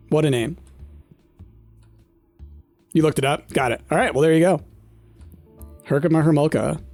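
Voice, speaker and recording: A man's voice: a little high, darkish tone, no echo. A man in his thirties chatting casually while playing a game, rambling and nostalgic with lots of fillers. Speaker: gaming streamer. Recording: dry close mic with faint game music.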